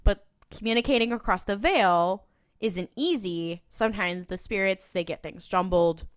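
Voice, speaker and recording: A smug young monster hunter, deadpan and matter-of-fact, as a woman reads his lines in her own voice. The voice sits in an ordinary middle range and is recorded close and dry, with no room sound. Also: mid-range voice, normal speed, clear, resonant tone, no echo, natural voice.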